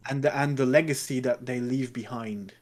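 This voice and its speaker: A man's voice: mid-range voice, steady tone, normal speed, a little mellow. A man co-hosting a podcast in casual chat, talking about a game with enthusiasm. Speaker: podcast co-host.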